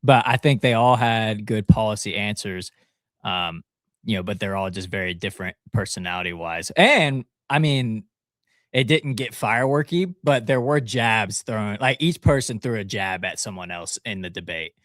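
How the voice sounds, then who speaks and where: A man's voice: lowish voice, normal speed, a bit bright, no room sound. A man on a casual political talk show, speaking in a laid-back, hesitant way with fillers. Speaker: co-host.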